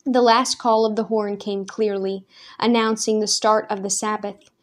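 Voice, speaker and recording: A woman reading a story aloud in a measured, even narration. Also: medium pitch. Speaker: audiobook narrator. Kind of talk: scripted narration.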